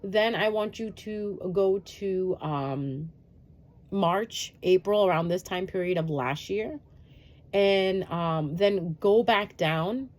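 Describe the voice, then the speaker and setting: A woman's voice: on the low side, a little mellow. A woman giving a casual, chatty astrology update straight to her viewers, reassuring and sprinkled with "um" fillers. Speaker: astrology reader.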